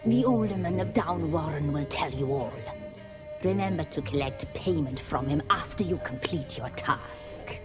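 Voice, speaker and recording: Sly scheming crone, lowish voice, taunting, game music under it. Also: female voice, expressive, normal speed. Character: scheming ancient witch crone.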